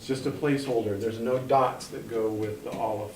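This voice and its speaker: A man's voice: medium pitch, fairly even intonation, a little fast. A man teaching a class, patiently coaching students through pronunciation syllable by syllable. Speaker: Hebrew teacher. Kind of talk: classroom instruction. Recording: echoey room, mic at a distance, faint noise.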